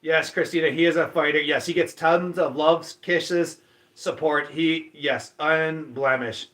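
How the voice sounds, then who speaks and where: A man's voice: fairly high pitch, steady tone, measured pace, a bit bright. A man from Michigan hosting a casual livestream, chatting and welcoming viewers by name. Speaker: livestream host. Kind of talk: casual livestream chat, reading viewer comments.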